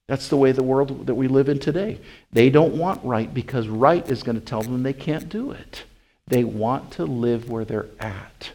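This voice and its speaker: A male pastor preaches a sermon, firing rhetorical question after question at the congregation. He swings between loud, high calls and slow, hushed lines.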